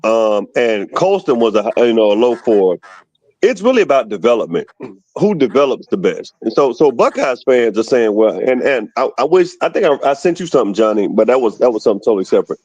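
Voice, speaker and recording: A man's voice: medium pitch, a little fast, no echo. A man from Alabama calls in and argues his point with energy and conviction. His line is dry and slightly muffled. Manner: animated, argumentative about team stats. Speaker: caller. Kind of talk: casual call-in chat.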